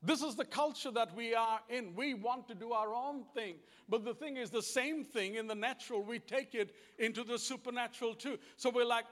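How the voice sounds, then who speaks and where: High-voiced Kiwi preacher in a reverberant hall. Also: male voice, moderate pace, hardly any pauses, fairly bright tone. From New Zealand. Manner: earnest, repetitive, plain-spoken. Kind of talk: conversational sermon.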